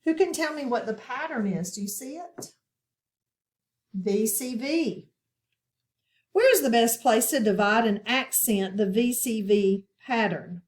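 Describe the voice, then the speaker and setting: Woman teacher, slightly high voice, unhurried, patient questioning phonics lesson. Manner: slow, patient, asks questions and pauses.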